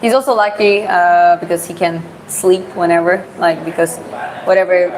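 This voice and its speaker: List: woman, Georgian accent, lowish voice, loose rambling live chat, noisy street behind. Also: fairly even intonation, normal speed, a little mellow. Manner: rambling, filler-heavy, frequent "like". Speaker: vlogger streaming live. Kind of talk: casual chat answering viewer questions. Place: walking outdoors on city streets.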